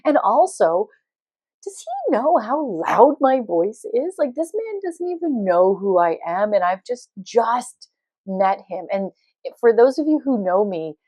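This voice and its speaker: A woman's voice: medium pitch, unhurried, no echo. Woman, podcast host, casual storytelling, laughs a lot, dry close sound. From Canada. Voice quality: loud laugh. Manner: animated, laughs often, acts out quotes.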